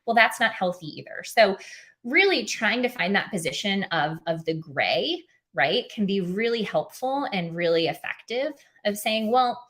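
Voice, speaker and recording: A woman's voice: mid-range voice, expressive, normal speed, fairly bright tone. A woman hosting a live video Q&A, speaking earnestly and encouragingly to viewers, with frequent ums and restarts. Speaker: OCD advocate hosting a live Q&A. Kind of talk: live stream Q&A talk.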